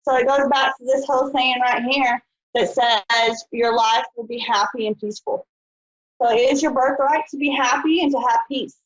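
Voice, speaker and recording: Chatty woman psychic, high voice. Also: fairly even intonation, moderate pace. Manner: chatty, folksy, says honey and y'all. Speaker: psychic show host. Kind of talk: live-stream call-in show. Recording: dull lo-fi live stream.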